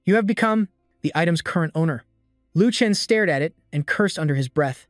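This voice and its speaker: A man narrating a comic story recap in a steady storytelling manner. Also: a little high, fairly quick, no echo, clean studio sound. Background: faint background music.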